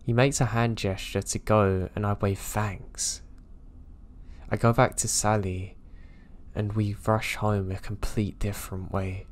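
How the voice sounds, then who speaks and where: A man narrating true scary stories in a steady, low-key storytelling voice. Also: a little slow. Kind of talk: scripted narration of listener stories.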